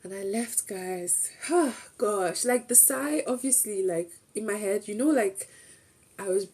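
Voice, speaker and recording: A woman's voice: mid-range voice, a little slow, darkish tone, husky. A young woman streamer chatting casually as she recaps a trip, rambling through restarts and acting out bits of dialogue.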